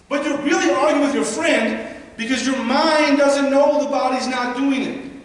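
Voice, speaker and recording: A man with a very high voice speaks to young ballplayers and their parents, and he keeps pulling the room in with questions. He sounds distant from the mic, and a long, booming echo follows each phrase. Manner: energetic, asks the audience questions. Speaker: guest speaker at a youth baseball seminar. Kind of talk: motivational talk to players and parents. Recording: echoey hall, mic far off.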